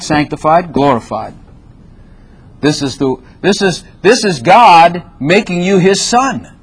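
An older man preaching a sermon to a congregation, animated and exhorting, often acting out prayers in his own voice. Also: fairly high pitch, husky.

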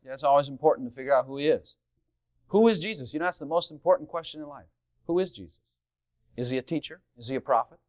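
A man preaching a sermon to a congregation, asking rhetorical questions and swinging into loud emphatic passages. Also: on the high side, fast.

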